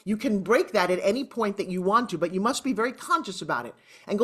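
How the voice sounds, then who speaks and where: A woman's voice: medium pitch, quick pace, breathy edge. A woman in her sixties with a Long Island New York accent, a guest on a video call, telling personal stories in an emotional, chatty way. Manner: emotional, chatty, animated storyteller. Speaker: interview guest. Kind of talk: candid personal storytelling.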